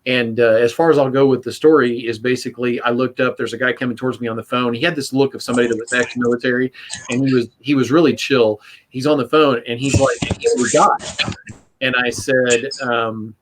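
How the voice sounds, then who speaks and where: A man's voice: mid-range voice, fairly even intonation, fast talker, a little hiss or hum. A man hosting a casual podcast on church safety, telling a story earnestly and acting out what people said. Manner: earnest storyteller, acts out quotes. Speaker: podcast host.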